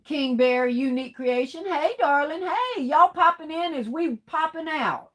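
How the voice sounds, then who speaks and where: A woman hosting a casual livestream, reading viewer comments aloud in relaxed, colloquial speech and calling viewers "baby doll" and "darling.". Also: high-pitched, measured pace. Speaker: livestream host.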